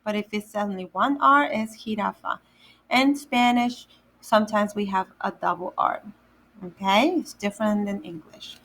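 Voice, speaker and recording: A woman's voice: medium pitch, fairly even intonation, fairly bright tone, low-quality recording. A woman teaching a children's Spanish vocabulary lesson, repeating each word and spelling it out letter by letter. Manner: repeats words slowly, spells them out letter by letter. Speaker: Spanish teacher for a day camp.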